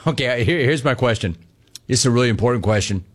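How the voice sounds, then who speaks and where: A man's voice: mid-range voice, animated, quick pace. A middle-aged man hosting a sports call-in radio show, riffing animatedly with callers. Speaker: sports talk radio host.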